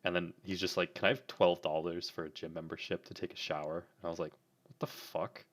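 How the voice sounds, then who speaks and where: Very deep-voiced young man telling a rambling story. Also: level tone, fast, a bit bright. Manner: rambling, says "like" a lot, swears casually. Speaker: co-host. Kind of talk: casual storytelling chat.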